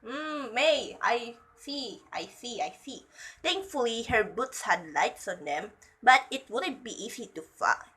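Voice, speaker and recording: A woman's voice: on the high side, lively intonation, measured pace, bright, forceful tone, slightly rough, rough recording. A young woman reading a fan fiction story aloud, breaking off for gushing, giggly asides.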